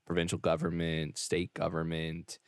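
A man's voice: deep voice, completely flat delivery, moderate pace, clear, resonant tone, no echo. Casual male podcast co-host from Canada; brash, laughs a lot, dry close mic. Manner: joking, laughs often, brash. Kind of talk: casual chat.

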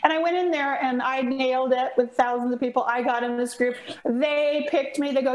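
A woman's voice: sits high, fairly quick, reverberant, lo-fi sound, a little hiss or hum. A woman, a voice coach, telling a story in a casual chat and acting out the people in it. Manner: expressive, acts out dialogue in the story. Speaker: guest, voice coach.

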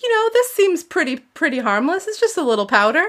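Woman doing nervous teen girl, high pleading lines, casually read. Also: sing-song, a little fast, a bit bright. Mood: anxious. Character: scared teenage girl trying cocaine.

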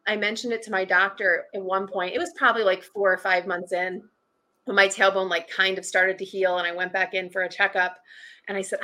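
A woman with a bright, forceful voice tells a candid personal story as a podcast guest. She is chatty, fills her talk with "like", and acts out what she thought back then. Her pitch sits in the middle of the usual range. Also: little pitch movement, a little fast. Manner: chatty, heavy use of "like", acts out past thoughts.

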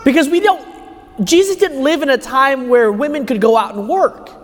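A man with a high voice preaches a homily. He drives his points home with rhetorical questions, and his voice rings with the long reverb of a large church. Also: normal speed. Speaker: homilist at Mass. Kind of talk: sermon. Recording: echoey church hall.

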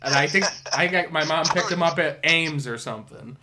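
A man's voice: fairly high pitch, normal speed, a crowd in the background. A man hosting a podcast in casual chat, rambling with lots of fillers and swearing. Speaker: podcast host.

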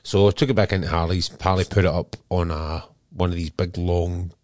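A man's voice: low-pitched, steady tone, a little fast, darkish tone, no room sound, clean studio sound. A man with a Scottish accent co-hosting a podcast in an easygoing casual chat, full of "um". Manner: easygoing, peppered with "um". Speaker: podcast co-host.

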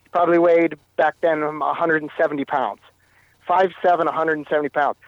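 A man from Canada, a guest in an interview, telling a personal story in a halting way, often repeating and restarting phrases. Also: on the high side, steady tone, no echo, muffled recording.

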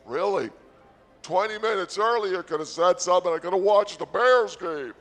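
A man's voice: high-pitched, expressive, normal speed, a bit bright, faint music behind. A man hosting a comedy podcast, rambling sarcastically and mock-boastfully about his day at a casino.

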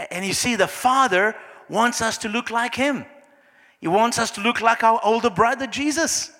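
Male pastor, high and bright, echoing hall sermon, dramatizes scenes quietly. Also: normal speed. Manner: acts out little scenes in soft, low voices. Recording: long hall reverb.

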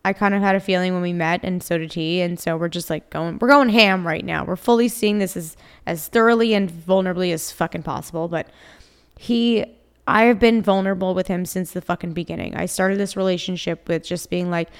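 A woman's voice: on the low side, steady tone, brisk, clear, resonant tone. A young adult woman hosting a solo podcast, talking candidly and emotionally and swearing freely. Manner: blunt, heavy swearing, emotional and confiding. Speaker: podcast host.

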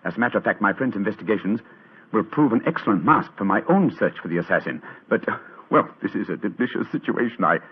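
An actor playing a confident English detective, crisp and polite, in 1940s radio acting. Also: male voice, fairly low pitch, lively intonation, quick pace. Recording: tinny old radio broadcast.

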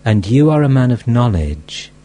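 A man's voice: mid-range voice, very animated, slow pace, a little mellow, breathy edge, exaggerated voice. A man reading the part of an elderly mystic teacher who scolds bluntly and speaks with affection.

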